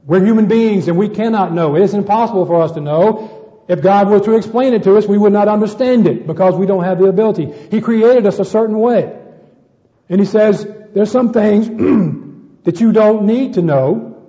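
Man preaching a sermon, high voice, mellow tone, long hall reverb, dull lo-fi sound. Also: a little fast. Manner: addresses the congregation as brethren, repeats words while searching.

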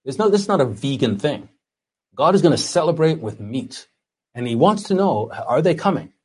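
A man preaching a sermon to his congregation, reading scripture aloud slowly and earnestly. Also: a little high, very animated, darkish tone, breathy edge. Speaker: pastor.

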